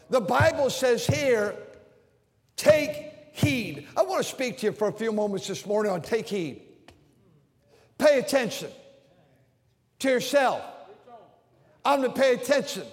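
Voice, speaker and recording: An older man, a pastor, preaching a sermon with emphatic, repeated phrases in a church. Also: very high-pitched. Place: church sanctuary. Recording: long hall reverb.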